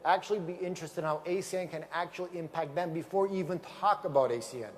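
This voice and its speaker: A man giving an energetic motivational speech at a sales event, emphatic and repetitive, telling stories from a stage microphone. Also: high voice, fast.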